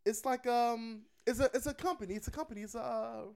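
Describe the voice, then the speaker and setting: A man co-hosting a casual chat, rambling and halting with fillers and restarts. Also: extremely high pitch, creaky, darkish tone, clear, resonant tone. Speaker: podcast co-host.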